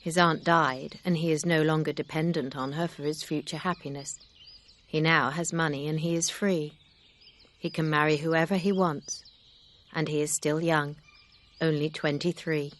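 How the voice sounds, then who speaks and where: A woman reading the part of a kind, sincere older gentleman in an audiobook. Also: low-pitched, steady tone, normal speed, natural voice. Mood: earnest.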